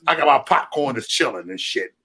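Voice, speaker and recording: Dude on a livestream at home, cussing and laughing, voice all over the place. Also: male voice, medium pitch, fairly quick, slightly rough. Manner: profane, laughing, animated banter. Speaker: livestream host. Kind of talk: casual livestream chat.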